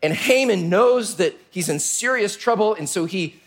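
Lively man preaching a Bible story. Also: high voice, moderate pace. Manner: energetic and playful, asks questions of the audience. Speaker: pastor. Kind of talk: animated Bible storytelling to children.

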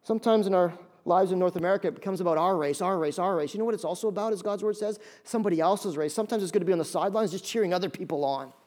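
A man preaching a sermon as pastor, animated, acting out voices and repeating key phrases. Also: high-pitched, rapid-fire. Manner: animated, acts out voices of listeners.

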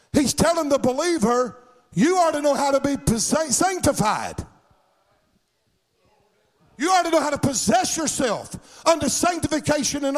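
A male pastor preaching a sermon in a sing-song cadence, swelling into shouts, in a church. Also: very high voice. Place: church sanctuary.

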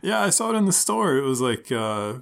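Joking male podcast host, lively pitch. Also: brisk, creaky. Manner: joking, rambling with restarts. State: throat sore from wine. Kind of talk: casual chat. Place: garage.

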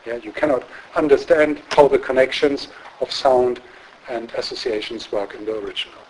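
Measured male lecturer with fillers. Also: mid-range voice, a little hiss or hum, rough recording. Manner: measured, explanatory, with frequent fillers and tag questions. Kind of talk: academic lecture. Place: lecture room.

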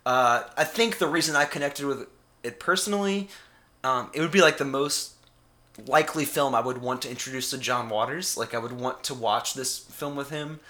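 A man's voice: medium pitch, normal speed, bright, forceful tone. A man co-hosting a film review podcast, chatting casually with many "like"s and "uh"s. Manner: chatty, lots of "like" and "uh". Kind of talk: casual chat.

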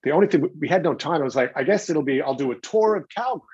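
A middle-aged man with a husky, slightly breathy voice, spinning animated anecdotes and acting out quotes. The sound is dry and a little dull, as if recorded with a modest mic in a deadened room. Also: fairly high pitch, no room sound. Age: 40s or older. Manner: animated storyteller acting out quotes, quick restarts. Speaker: guest, television host. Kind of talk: anecdotal interview talk.

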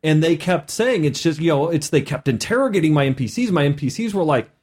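A man hosting a casual podcast as a game master, animated, with many restarts. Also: on the high side, fast.

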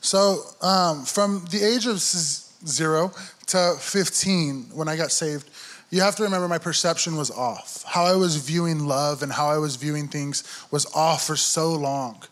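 A young man telling his conversion story in a casual, animated way. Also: on the high side, a little slow. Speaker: guest sharing testimony.

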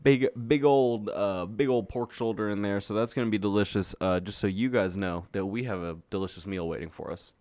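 Man, podcast co-host, low-pitched, rambling casual chat, fillers, very dry recording. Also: fairly quick, hardly any pauses, darkish tone, no echo. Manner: laid-back, rambling with fillers and restarts.

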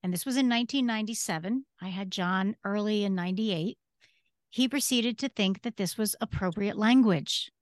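A woman's voice: medium pitch, normal speed, no echo. Earnest woman in her fifties, dry sound. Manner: earnest, emphatic, repeats key phrases. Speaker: podcast guest and disability advocate. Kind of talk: casual interview storytelling.

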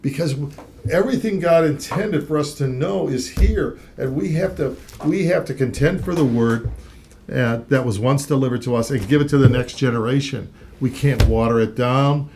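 An earnest man teaches the Bible in a relaxed, conversational way, sharing a talk show with a co-host. When he reads scripture aloud he builds his emphasis, then drops back to plain chat. His voice sits at an ordinary middle pitch for a man. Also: normal speed, a little hiss or hum.

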